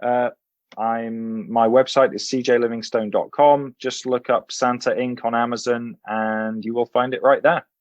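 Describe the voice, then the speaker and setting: A male author reading his book aloud, then chatting in a relaxed way as a podcast guest. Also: medium pitch, measured pace, dry recording, dull audio. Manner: relaxed and expressive, some uh fillers.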